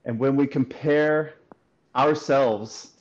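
A man speaking as a voice coach in a casual interview, explaining lively and demonstrating sounds as he goes. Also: medium pitch, takes it slowly, dull audio. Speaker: voice coach and guest.

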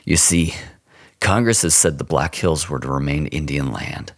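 A man voicing a stout, gruff, domineering frontier Indian agent who gives curt, menacing orders. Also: extremely low pitch, normal speed, dry recording, clean studio sound, voice pushed down. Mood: smooth.

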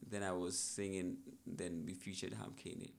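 A man's voice: deep voice, level tone, moderate pace, gravelly. A young man, a musician, telling his story in a casual podcast interview in a laid-back, reflective way. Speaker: musician guest.

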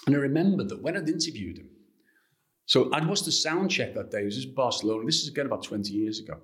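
A man from Liverpool with a Liverpool accent, a guest author telling anecdotes in an interview in an animated way. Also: mid-range voice, quick pace. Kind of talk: interview storytelling.

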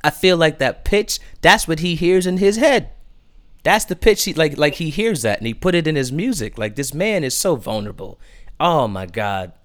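A man hosting a podcast, gushing about new music in casual chat, stumbling over restarts in his excitement. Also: a little high, normal speed. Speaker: podcast host.

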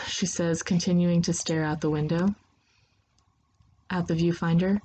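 Woman narrator, second-person story, low-ish voice, steady. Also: normal speed, a little hiss or hum, low-quality recording.

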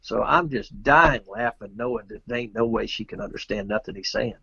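A man's voice: fairly low pitch, fairly quick, creaky, sharp tone, husky, dry recording, muffled recording. A man, a guest telling a rambling, folksy story with loose grammar in casual chat. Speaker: interview guest, pool player.

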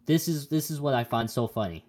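A man's voice: mid-range voice, expressive, fairly quick, a little mellow. A young man co-hosting a podcast, chatting casually about Bible passages in a rambling, joking way with many restarts. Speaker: podcast co-host.

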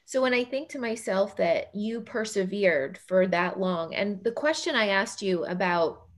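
Casting: woman podcast host, mid pitch, soft-hearted and laughing, video-call interview. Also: animated, unhurried. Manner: warm, emotional, laughs often.

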